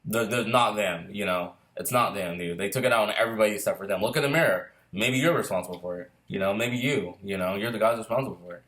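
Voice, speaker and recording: A man's voice: on the low side, fast talker, few pauses, fairly bright tone. A man on a heated, profane casual rant, firing off rhetorical questions. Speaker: filmmaker sharing opinions. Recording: roomy echo.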